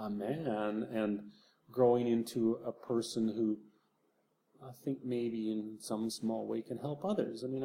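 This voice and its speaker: A man with a dark, mellow and gravelly voice speaks reflectively in an interview. He talks in a soft, halting way, often circling back and restarting his sentences. A faint hiss sits behind him. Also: mid-range voice. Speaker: author.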